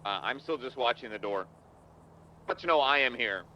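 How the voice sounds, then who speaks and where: A man's voice: medium pitch, animated, normal speed, sharp tone, lo-fi sound, a little hiss or hum. A man role-playing a police officer in a game, talking tactics with hesitant restarts. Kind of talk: in-character role-play chat.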